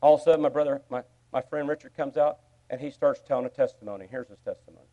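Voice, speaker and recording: A man preaching a sermon, telling a story with sudden swings from quiet asides to loud, excited bursts. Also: mid-range voice, quick pace, lo-fi sound. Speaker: pastor.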